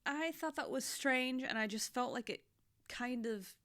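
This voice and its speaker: A young woman chatting casually about a series she watched, heartfelt and expressive, moving between hushed and loud. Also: high-pitched, unhurried. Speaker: anime reaction vlogger. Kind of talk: casual recap chat.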